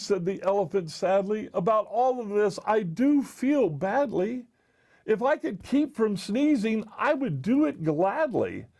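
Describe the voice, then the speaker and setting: A man's voice: creaky, darkish tone, exaggerated voice. A man voicing a big, sorry male elephant who frets and squeals in a storybook reading. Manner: high squealing cries.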